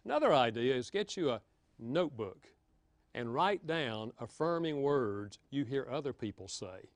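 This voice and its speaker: A man giving a lively, humorous marriage seminar talk, joking with his audience. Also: mid-range voice, moderate pace, no room sound. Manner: animated, playful, jokes with the audience.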